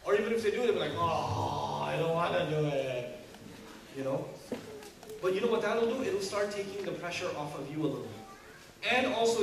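A man preaching to a congregation in an animated way, acting out quotes and laughing. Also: high-pitched. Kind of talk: sermon to a congregation. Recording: echoey hall, distant mic, background hum.

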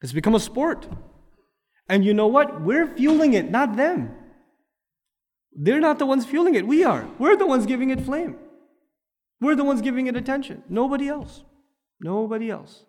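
A man's voice: very high-pitched, sing-song, moderate pace, pauses often, long reverb tail. A man preaching a sermon, firing off rhetorical questions and building to emphatic peaks. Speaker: Islamic preacher.

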